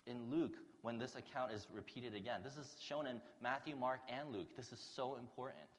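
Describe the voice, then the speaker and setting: A man's voice: mid-range voice, moderate pace, big-room sound. A man preaching a sermon to his congregation in an earnest, conversational way. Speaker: pastor.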